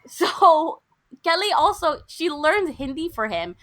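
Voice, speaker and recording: A young American woman co-hosting a podcast, retelling a movie's plot in a lively, indignant way. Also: high voice, slow pace. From United States. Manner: animated, indignant storytelling with quoted lines. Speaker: podcast co-host. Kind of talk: casual movie recap chat.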